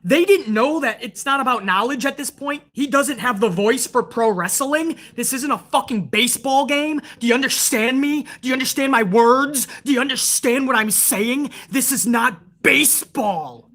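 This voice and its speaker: A man with a bright, forward voice rants through a casual live stream, profane and exasperated. He mocks what he watched and swears freely, talking straight into a desk mic. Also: extremely high pitch, moderate pace, few pauses. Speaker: wrestling show reviewer, live streamer.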